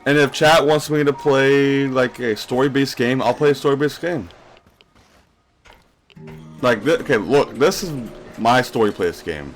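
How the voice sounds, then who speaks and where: A man's voice: medium pitch, unhurried, pauses often, soft background music. Rambling young male streamer chatting with viewers. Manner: rambling, talks straight to viewers, answers chat questions. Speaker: live streamer. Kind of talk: casual live-stream chat while gaming.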